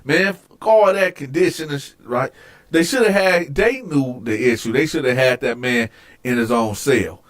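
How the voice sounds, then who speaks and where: A man hosting a show, telling a personal story casually, animated and profane, acting out scenes with loud outbursts. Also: medium pitch, moderate pace. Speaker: host.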